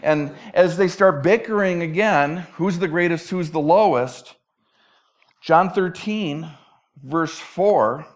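A man's voice: on the high side, slow pace. Conversational, emphatic male preacher. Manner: conversational, emphatic, repeats words when restarting. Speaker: pastor. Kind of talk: sermon.

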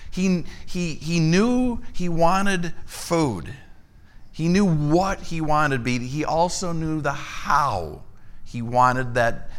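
A man preaching a sermon, telling a story and acting out the dialogue in a lively voice. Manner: animated storyteller, acts out dialogue with rising pitch. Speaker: pastor.

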